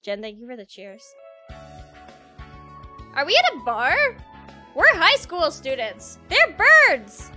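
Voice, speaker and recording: A woman streamer giving playful, casual commentary with quick asides and swearing over a game. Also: high-pitched, wildly swooping pitch, sharp tone, faint music behind.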